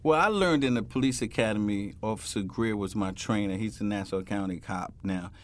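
A man's voice: on the low side, brisk. A man, a retired police officer, telling stories in an interview and acting out the people in them. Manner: acts out scenes in quoted voices, emphatic. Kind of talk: animated storytelling interview.

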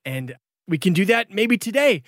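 Brief: male player voicing a lovesick young dragon, earnest and gushing, pitched up. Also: very animated, normal speed, no echo, studio quality. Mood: pleading.

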